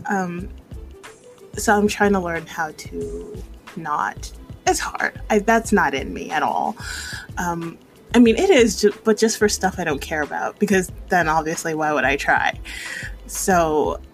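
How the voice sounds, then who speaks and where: A woman's voice: fairly low pitch, very animated, takes it slowly, soft background music. A young woman talking casually and candidly in a personal vlog, rambling, laughing often and swearing now and then. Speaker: vlogger.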